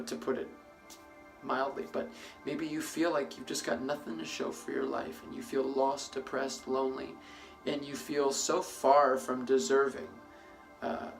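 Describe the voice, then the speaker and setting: A man giving an earnest, reflective personal testimony, with frequent pauses and fillers. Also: medium pitch, gravelly. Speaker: testimony speaker.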